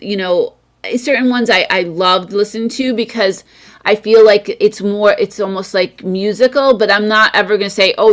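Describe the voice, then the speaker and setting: An American woman hosting a casual video call, talking in a chatty way with lots of fillers. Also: medium pitch. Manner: chatty, warm encouragement, frequent fillers. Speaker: English teacher and host.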